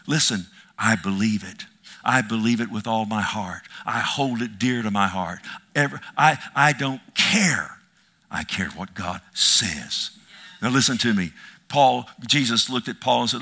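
A male pastor preaching a sermon, emphatic and repetitive, swinging from loud proclamations to hushed asides and calling for amens. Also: mid-range voice, lively intonation, a little slow. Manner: repeats phrases for emphasis, calls out amen.

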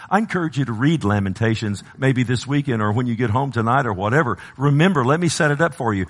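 A man preaching a sermon, often asking the congregation for an "amen" and playfully acting out dialogue with God. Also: mid-range voice. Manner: preaching with call-and-response asides, acting out God's voice. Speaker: pastor.

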